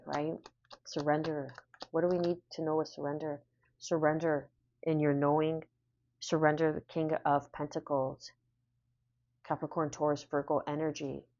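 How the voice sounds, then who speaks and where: Woman tarot reader, deep voice, soothing repeated affirmations, slightly muffled recording. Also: mellow. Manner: repeats phrases, soothing and affirming, laughs to herself. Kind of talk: casual spoken tarot reading.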